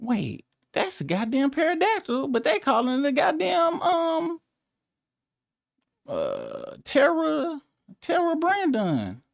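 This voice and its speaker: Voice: sits high, wildly swooping pitch, slow, creaky, no room sound, studio quality. A live-stream host in casual, profane, rambling chat, breaking into incredulous outbursts.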